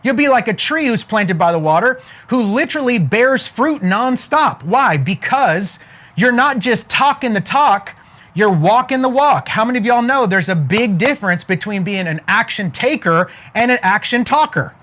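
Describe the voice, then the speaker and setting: A man around forty giving an energetic motivational talk, throwing rhetorical questions at his listeners. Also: high-pitched, moderate pace. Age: 40s. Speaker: motivational speaker.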